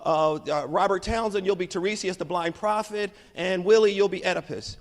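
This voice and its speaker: A halting male schoolteacher, put on by a man, stumbles through a list of parts with many pauses. The voice sits high. It echoes in a large hall. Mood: hesitant. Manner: halting, full of uhs. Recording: long hall reverb.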